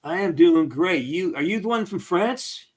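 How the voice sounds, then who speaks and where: An actor hosts a casual live-stream Q&A with fans over a video call, his voice sitting high with lively intonation at a normal speed. He comes across as upbeat and encouraging, if a little rambling.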